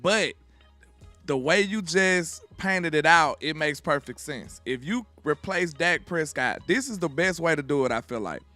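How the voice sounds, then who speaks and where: A man's voice: on the high side, lively intonation, measured pace, pushed and bright, dry recording, soft background music. A man from Alabama, hosting casual sports talk and building emphatically on the others' points. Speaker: sports podcast host.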